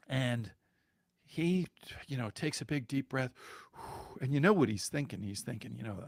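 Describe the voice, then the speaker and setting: A man telling a story on a podcast in a lively, chuckling way, with fillers and restarts along the way. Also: mid-range voice, normal speed, vocal fry, no echo, studio quality. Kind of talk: conversational storytelling.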